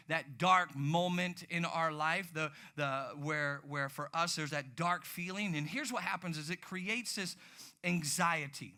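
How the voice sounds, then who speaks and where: A man preaching a sermon, telling stories in an animated way with sudden loud outbursts. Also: sits high. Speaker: pastor.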